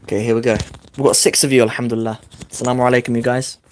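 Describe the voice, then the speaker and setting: A man in his thirties with a croaky voice from a cold, giving a chatty, upbeat live-streamed Arabic lesson as the teacher. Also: medium pitch, little pitch movement, slight background noise. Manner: chatty, upbeat, quick asides. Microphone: desk microphone.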